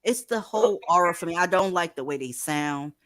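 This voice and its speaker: A woman's voice: on the low side, animated, a little fast, no echo, clean studio sound. Profane, blunt woman hosting a livestream. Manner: blunt, profane, reads chat comments aloud, bursts into loud scolding. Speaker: livestream host. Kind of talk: profane casual livestream commentary.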